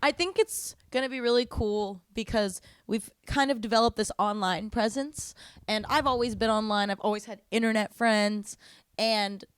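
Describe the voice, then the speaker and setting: A woman who fronts a band chats as an interview guest, telling lively stories and laughing often in a casual conversation. Her voice is medium-pitched, captured in clean studio sound with no room sound.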